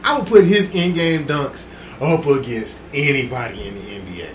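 A man on a podcast, telling excited sports stories in casual chat, acting out quotes and laughing loudly. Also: mid-range voice, moderate pace. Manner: excitable storytelling, loud laughs and acted quotes. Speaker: podcast co-host. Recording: echoey room with faint hiss.

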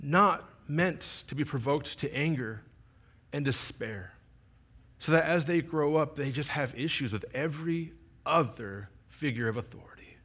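A man's voice: a little high, measured pace, a bit bright, husky. A young man giving a sermon as a youth pastor, telling a personal story in a conversational, emotional way with frequent restarts.

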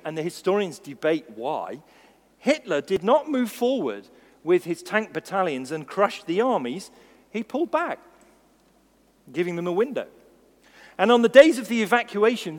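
A man preaches a sermon with real animation, slipping into little voices as he tells his stories. His voice sits a touch high and swings widely in pitch. The sound carries the long reverb of a church hall.

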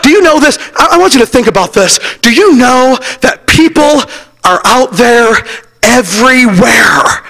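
A middle-aged man preaching an impassioned sermon to young people, shouting and telling stories. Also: very high-pitched, lively intonation, unhurried, vocal fry. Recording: long reverb of a large hall.

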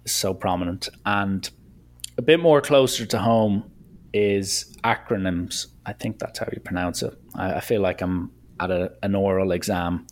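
Halting Irish man, lowish voice. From Ireland. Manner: halting, searching for words. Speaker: podcast host. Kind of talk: casual chat.

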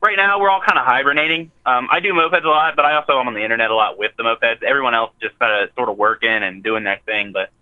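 A man talks quickly and loosely, swearing as he chats. He calls in from his parked car, and his voice comes through thin and tinny like a phone line. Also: medium pitch. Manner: laid-back, swears freely. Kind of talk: casual podcast chat.

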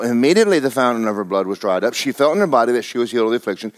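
A man's voice: medium pitch, sing-song, fast talker. A male pastor, preaching a sermon in a folksy, humorous way.

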